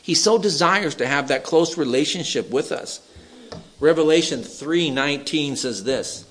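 A man preaching a sermon in an animated, humorous way, acting out Bible figures as he tells the stories. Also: a little high, unhurried. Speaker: pastor.

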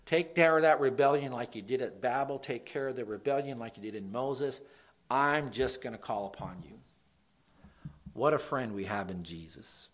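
A man preaching a sermon, reading scripture loudly and with force, then dropping to quiet, folksy asides and stories. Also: fairly low pitch, normal speed. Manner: rises to loud emphatic scripture reading, drops to quiet asides; folksy storytelling.

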